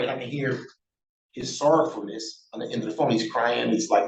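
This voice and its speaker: Animated storyteller man in his sixties. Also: medium pitch, fairly quick. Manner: animated, acts out quoted dialogue, blunt and profane. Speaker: interview guest, former prisoner. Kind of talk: storytelling in a casual interview. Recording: roomy echo.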